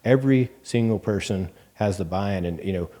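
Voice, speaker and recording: A Texan man with a low, mellow voice, speaking as a guest in a relaxed interview. He tells his stories lively and plays out every conversation in his own voice, sprinkling in plenty of ums and you-knows. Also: moderate pace. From Texas Panhandle. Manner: animated, acts out quoted dialogue with many fillers. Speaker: bank CEO, guest. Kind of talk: casual interview storytelling.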